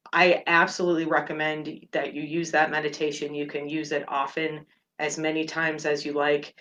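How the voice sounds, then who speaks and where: Woman with a low speaking voice, hosting a meditation show, open and unpolished, pausing often as she shares. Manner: earnest and open, speaks in halting phrases with fillers. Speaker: meditation podcast host. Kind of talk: personal reflective talk.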